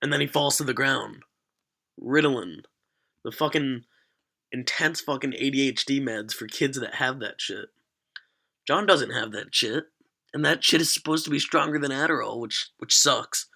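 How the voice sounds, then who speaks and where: Bright-voiced young man telling a profane story. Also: mid-range voice, moderate pace, gravelly. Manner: profane, rambling. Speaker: vlogger. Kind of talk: storytelling vlog.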